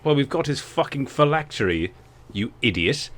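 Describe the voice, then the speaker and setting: Snarky player with a lively voice. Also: male voice, mid-range voice, normal speed. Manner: insulting, snarky retorts.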